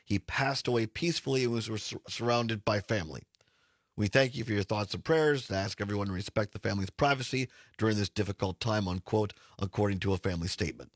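A male radio talk show host with a hoarse, raspy voice, talking in a casual, halting way with frequent restarts. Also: on the low side, no echo, clean studio sound.

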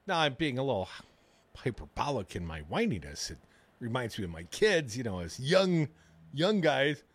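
A man's voice: mid-range voice, moderate pace, husky, no room sound. A man hosting a radio talk show, joking around in casual banter. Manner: lively, jokey, mock-whiny impressions.

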